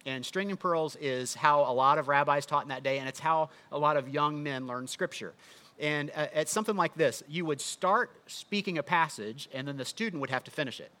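A man's voice: fairly high pitch, brisk, sharp tone. A man preaching a sermon in a conversational teaching manner, often asking the listeners rhetorical questions. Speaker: pastor.

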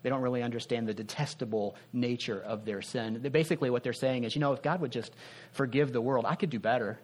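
A man preaching a sermon in a conversational way, asking rhetorical questions and dropping his voice softly to make a point. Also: mid-range voice, quick pace. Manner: earnest, drops soft for emphasis.

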